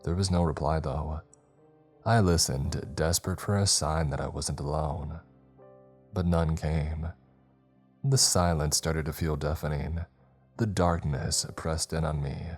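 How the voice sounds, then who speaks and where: A man narrating a scary story in a steady, measured storytelling manner. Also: rumbling low, breathy edge, faint music behind. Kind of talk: scripted horror narration.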